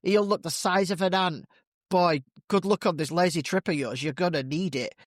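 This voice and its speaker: A man's voice: high-pitched, normal speed, no room sound, studio quality. A man voicing a gloomy, dismissive female hairdresser in a told joke. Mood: scornful. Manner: dismissive, complaining.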